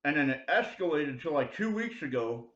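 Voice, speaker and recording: Man, slightly high voice, rambling and insistent, lo-fi roomy home recording, confessional video preacher. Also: big pitch swings, normal speed, a bit bright. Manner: rambling, heavy fillers like dude and bro; urgent, insistent appeals to the listener. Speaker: self-made video preacher. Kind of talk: rambling confessional monologue to camera. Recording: roomy, dull lo-fi sound.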